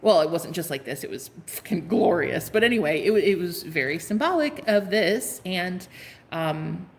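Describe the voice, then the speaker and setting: A woman's voice: on the low side, lively intonation, normal speed. A woman giving a casual tarot reading to her viewers, sassy and playful, laughing often, swearing and calling them honey. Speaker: tarot card reader.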